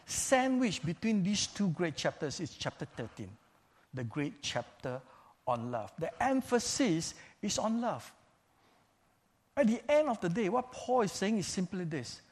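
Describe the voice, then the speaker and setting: A man preaching a sermon in a measured, emphatic way, repeating key phrases for stress. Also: a little high.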